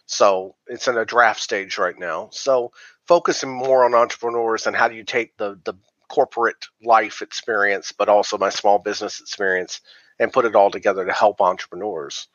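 Measured man guest, dull remote sound. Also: on the low side, steady tone, a bit bright, no echo. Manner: measured, with many "uh" fillers. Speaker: podcast guest, author. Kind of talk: casual interview answers.

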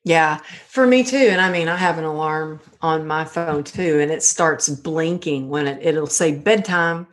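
A middle-aged woman speaks in a slightly low voice. She talks earnestly and tells her story with animation, like a guest in a casual podcast conversation. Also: measured pace.

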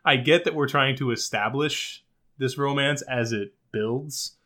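A man's voice: mid-range voice, unhurried, a bit bright. A man co-hosting a podcast in casual chat, making wry, joking comments about a film. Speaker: podcast co-host.

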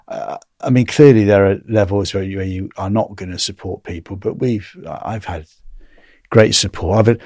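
A man's voice: mid-range voice, a little mellow, no echo, clean studio sound. A man from England in his fifties, telling rambling, chatty anecdotes as an interview guest. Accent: English. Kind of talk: casual storytelling interview.

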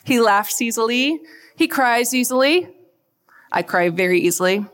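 A woman giving a faith talk to a live audience, chatty and animated, often asking the crowd questions. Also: on the high side, moderate pace. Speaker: speaker at a church event. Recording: long hall reverb.

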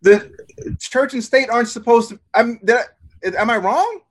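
A man on a remote call, chatting as a guest in a casual political talk, animated and telling stories with many stumbles and repeated words. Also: very high-pitched, normal speed.

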